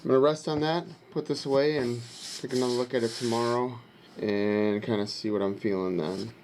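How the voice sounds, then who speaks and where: A man narrating a casual vlog as a father, talking in a halting way as he thinks aloud. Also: medium pitch, fairly even intonation, darkish tone, a little hiss or hum. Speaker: father vlogger.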